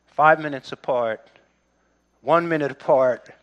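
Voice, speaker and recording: Bright-voiced middle-aged male pastor preaching. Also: on the high side, a little slow, muffled recording. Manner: conversational preaching, frequent restarts and asides to the congregation. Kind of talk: sermon.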